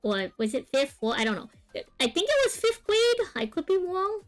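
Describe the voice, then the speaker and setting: This art streamer, a young woman, talks casually as she draws, spinning a long, rambling personal story loaded with fillers and tangents. Her voice is very high and very animated at a normal speed, with faint music in the background.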